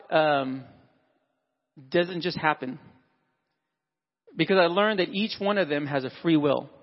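A man's voice: high voice, in a large hall, muffled recording. A man addressing fathers at church in a conversational, sermon-style talk, acting out everyday dialogue. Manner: conversational, acts out dialogue with animated voices.

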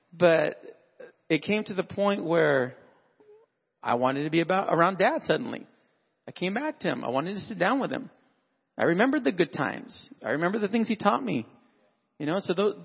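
A man's voice: on the high side, vocal fry, long reverb tail, dull audio. A man addressing fathers at church in a conversational, sermon-style talk, acting out everyday dialogue. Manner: conversational, acts out dialogue with animated voices.

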